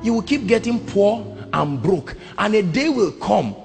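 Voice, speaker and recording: A man with a Nigerian accent preaching a sermon, emphatic, swinging between hushed words and shouts. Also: sits high, big pitch swings, measured pace, creaky, slightly rough, soft background music. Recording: sermon in a reverberant hall.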